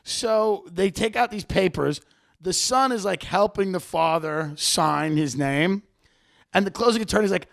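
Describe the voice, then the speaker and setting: A man's voice: high-pitched, a little slow, gravelly. A man in his thirties, a podcast host telling a comic story and acting out the people in it. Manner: animated, acts out people in the story. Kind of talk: comedic storytelling.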